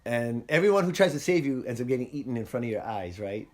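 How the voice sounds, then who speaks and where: Lively, animated man chatting about movies. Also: mid-range voice, fast. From Hawaii. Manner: animated, acts out scenes in funny voices, laughs often. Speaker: podcast host. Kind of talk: casual movie chat.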